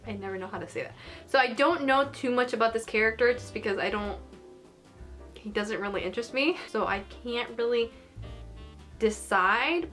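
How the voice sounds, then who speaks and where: A fairly high-voiced young woman chats in a loose, giggly way, piling on "like" as she gushes. Soft music plays faintly under her voice. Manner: gushing and giggly, lots of "like". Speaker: anime vlogger. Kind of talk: casual chat, ranking characters.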